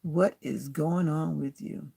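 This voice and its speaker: A woman's voice: low voice, fairly even intonation, slow, vocal fry, dark tone, breathy edge. A woman hosting a late-night livestream from home, praying and then chatting directly with her viewers, often repeating her questions to them. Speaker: livestream host. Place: home, lit by a ring light.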